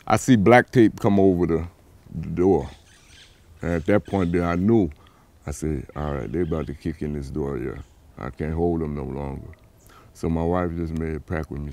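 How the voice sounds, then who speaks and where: A father telling his own story in an interview, acting out past dialogue with animation. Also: low-pitched. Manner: animated, acts out dialogue in a raised voice. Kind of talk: personal account.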